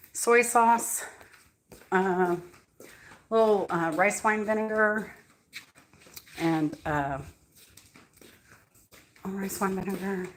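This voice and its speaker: Woman, cooking vlog host, slightly low voice, unhurried rambling storyteller, laughs a lot. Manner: rambling, with many fillers and restarts; laughs often while telling stories. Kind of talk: casual storytelling chat. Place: home kitchen.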